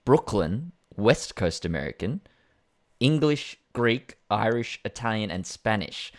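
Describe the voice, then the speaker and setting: A man's voice: fairly low pitch, sing-song, unhurried. A young man hosting a casual interview, playful and teasing, laughing often as he reads things out. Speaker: interview host. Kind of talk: casual video-call interview.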